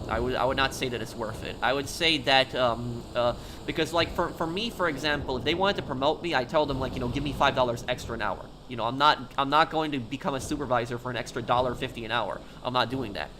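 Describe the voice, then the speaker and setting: A man's voice: mid-range voice, background noise. A man chatting casually on a live game stream, talking straight to his viewers and answering them.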